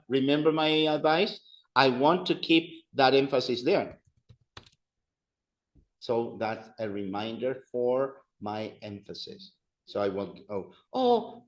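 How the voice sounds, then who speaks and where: A man's voice: mid-range voice, a bit bright, rough recording. A man teaching an adult Spanish class, patiently repeating words for his students to practice.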